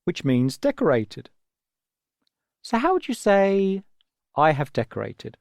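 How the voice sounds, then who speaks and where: An English-accented man leads a children's audio lesson, patient and gentle as he explains each step. His pitch rises and falls in a lively, sing-song way. The recording is dry and close, with no room sound. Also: slow pace, creaky, dry recording. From England. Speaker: language teacher.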